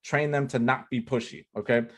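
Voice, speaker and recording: A man gives a casual whiteboard lesson on online selling. His delivery is loose and chatty, with a mid-pitched voice and constant "like" and "right?" tags. He drives points home by repeating key phrases. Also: fairly even intonation, fairly quick, fairly bright tone. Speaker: online marketing coach.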